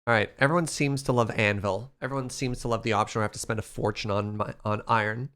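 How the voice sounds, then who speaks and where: A man's voice: lowish voice, quick pace, smooth. A man streaming a building game live, chatting playfully with his viewers. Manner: animated and playful, talks to the chat. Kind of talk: live gameplay chat with viewers.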